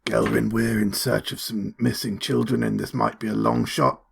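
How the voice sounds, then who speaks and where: Low slow gravelly guy rambling in character, bright edge, husky. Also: flat delivery. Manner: rambling, jokey, stumbles into laughter. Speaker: player. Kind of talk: tabletop role-play, in character.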